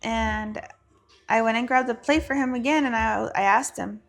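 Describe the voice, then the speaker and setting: A woman's voice: fairly high pitch, normal speed, faint music behind. A woman talking frankly and profanely as a guest, telling a personal story with Spanish phrases mixed in.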